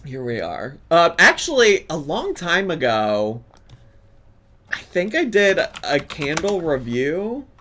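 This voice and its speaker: Slow, campy man with lively pitch. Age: 30s. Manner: playful, campy, laughs often. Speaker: YouTube reaction host. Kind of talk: casual reaction commentary.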